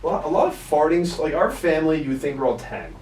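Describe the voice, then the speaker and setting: A young man hosting a student radio show, chatting and joking with his cousins about family stories. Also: on the high side. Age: young adult. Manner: joking, animated, quick bursts of mock outrage. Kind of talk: casual chat with family. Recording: echoey room, distant mic, faint hiss.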